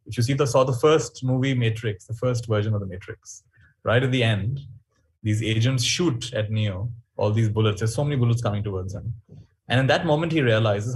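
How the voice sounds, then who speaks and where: A man speaking in a webinar, telling stories in an animated, reflective way. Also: mid-range voice, normal speed, breathy edge. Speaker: workshop speaker. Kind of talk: webinar talk.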